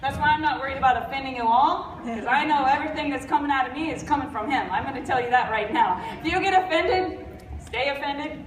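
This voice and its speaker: A high-voiced, congested woman speaks bluntly and with fire at a convention, cracking jokes to the crowd. Her voice carries around a big echoey hall, picked up from well back from the mic. A steady hum of room noise sits under her. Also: fast talker. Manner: blunt, fired-up, jokey. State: stuffy, congested. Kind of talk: motivational stage talk. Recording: roomy hall audio from far off.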